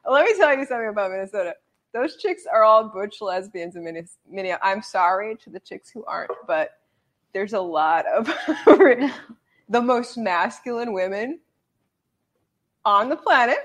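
A woman's voice: medium pitch, animated, normal speed, a bit bright. A woman hosting a casual livestream chat, blunt and joking, often laughing as she talks. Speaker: host.

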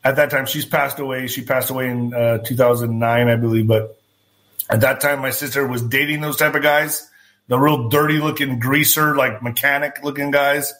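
A man's voice: medium pitch, normal speed. A man hosting a podcast, telling a story casually and acting out the dialogue, with frequent swearing. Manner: animated, swears freely, acts out quoted dialogue. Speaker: podcast host.

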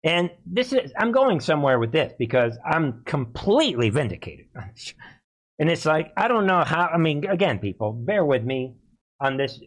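A man's voice: on the high side, sing-song, moderate pace. A man hosting a live-streamed political commentary show, talking emphatically and repeatedly calling out to his viewers. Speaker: host of a political commentary channel.

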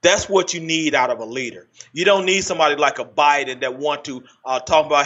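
A man hosting a casual political chat, halting with frequent restarts. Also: fairly high pitch, a bit bright. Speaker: podcast host. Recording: muffled lo-fi audio.

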